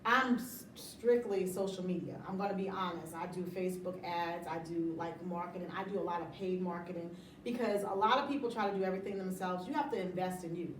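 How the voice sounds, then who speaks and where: A woman's voice: on the low side, brisk, echoey room, distant mic, a little hiss or hum, poor audio. A middle-aged woman talking about running her business in a casual interview, emphatic and motivational, often laughing. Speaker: interview guest, business owner.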